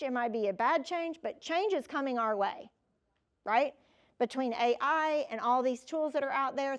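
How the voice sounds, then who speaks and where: A woman in her fifties giving a motivational keynote, telling personal stories in a lively, conversational way and talking straight to the audience. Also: sits high. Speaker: keynote speaker.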